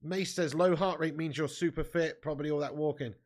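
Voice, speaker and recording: A man running a live football watch-along. He sits a little higher in pitch than most men and keeps a loose, chatty flow, answering viewers and calling them mate and lad. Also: steady tone, fairly quick. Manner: erupts into angry shouting at the match.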